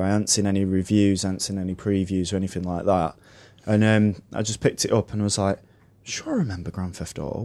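A man's voice: fairly low pitch, a little mellow, dry recording. Chatty Mancunian man podcast host. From Manchester, England. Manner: chatty, rambling, laughs often. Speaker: podcast co-host reading listener answers. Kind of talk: casual chat.

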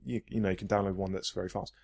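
A man's voice: deep voice, fairly even intonation, racing, gravelly, a little mellow. A man chatting enthusiastically on a podcast, rambling with frequent restarts. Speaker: podcast host. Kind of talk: casual podcast chat.

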